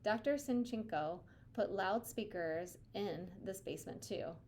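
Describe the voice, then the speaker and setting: A woman's voice: mid-range voice, unhurried, a little mellow, a little hiss or hum, close to an everyday voice. A woman reading a dry, skeptical girl.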